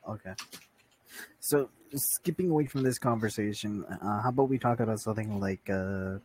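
A young man with a low voice and a faint hiss in the line, speaking dryly as he keeps trying to change the subject. Casual voice chat over a headset mic. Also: normal speed, darkish tone. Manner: tries to steer the talk elsewhere, dry. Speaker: friend in group chat.

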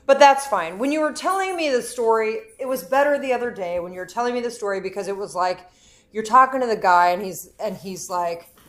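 A woman's voice: mid-range voice, expressive, a little fast. Woman podcast co-host, blunt and teasing, just chatting. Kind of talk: casual chat.

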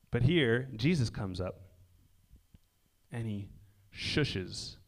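A man giving a casual sermon in a conversational way, often checking in with "right?" and dropping his voice low and quiet for emphasis. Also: a little hiss or hum. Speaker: preacher. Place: indoor gathering near a lake.

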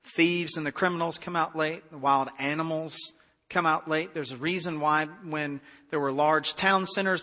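Bright high-voiced male preacher. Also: big-room sound. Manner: conversational, animated preaching with acted-out dialogue. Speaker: pastor. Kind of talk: sermon.

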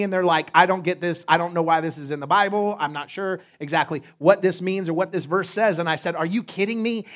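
Upbeat, joking high-voiced male pastor. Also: fairly bright tone. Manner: playful, joking preacher with quick asides. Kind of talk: sermon.

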